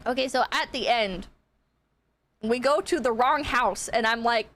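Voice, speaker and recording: A young woman streamer tells a story in a high, bright-pitched voice. She is animated and casual, swears freely, and laughs through her telling. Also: measured pace.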